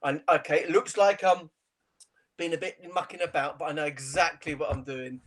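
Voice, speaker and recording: A middle-aged man, a TV chef guest, chatting casually in an interview and telling animated stories with frequent laughter. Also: a little high, moderate pace. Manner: animated storyteller, laughs often.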